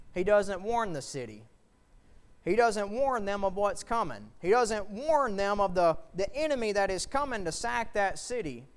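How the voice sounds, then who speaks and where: Fervent high-voiced male preacher. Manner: fervent, rising to loud shouts at peaks. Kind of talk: sermon.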